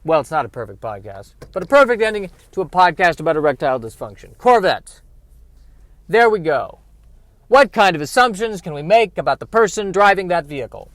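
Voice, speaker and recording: A man's voice: sits high, very animated, a little fast, dry recording. Man ranting comically from his car. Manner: self-deprecating, ranting comic asides. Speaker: podcast host. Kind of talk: solo comedic podcast monologue. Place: in a car, driving and parking.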